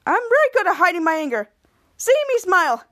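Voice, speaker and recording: A woman's voice: extremely high pitch, expressive, moderate pace, bright, forceful tone, dry recording, clean studio sound, voice pushed up, exaggerated voice. A woman voicing an angry, sarcastic teenage boy in quotes she acts out while recapping a show for a podcast. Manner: sarcastic, bitter.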